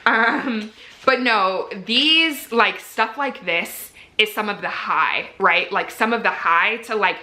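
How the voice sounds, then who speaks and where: A woman's voice: medium pitch, slow pace, bright, forceful tone, roomy sound. A woman in her twenties, a medical resident, talking casually to camera with lots of "like" fillers and a candid, earnest manner. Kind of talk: casual vlog talk to camera.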